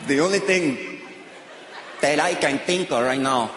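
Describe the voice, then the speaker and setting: Deadpan stand-up comic in a roomy hall. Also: male voice, fairly high pitch, noisy background. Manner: deadpan drawl, slipping into mocking voices. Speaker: stand-up comedian. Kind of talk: stand-up comedy. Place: large hall on stage. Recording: roomy, long hall reverb, audience ambience.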